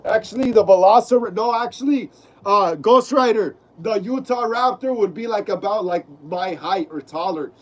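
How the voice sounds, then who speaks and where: Young man, stream host, high-pitched voice, slangy, laid-back, lots of fillers. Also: normal speed, poor audio. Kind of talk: casual live-stream chat, reading viewer comments.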